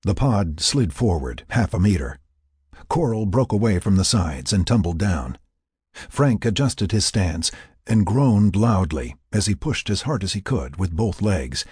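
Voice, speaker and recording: A man with a low, raspy voice narrates a tense story in a measured way. His delivery moves widely up and down in pitch. The recording is dry and close, with no room sound. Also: big pitch swings, a little mellow, dry recording. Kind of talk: scripted narration.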